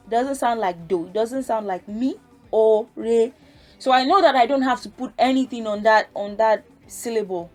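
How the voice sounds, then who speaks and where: Slow, patient woman teaching a language. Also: on the high side, faint music behind. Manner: patient, explains step by step, sings out tone syllables. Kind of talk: casual spoken lesson.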